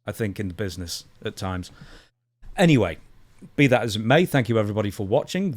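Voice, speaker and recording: A man co-hosting a casual podcast, wrapping up the show in a rambling, dry way. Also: medium pitch. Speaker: co-host.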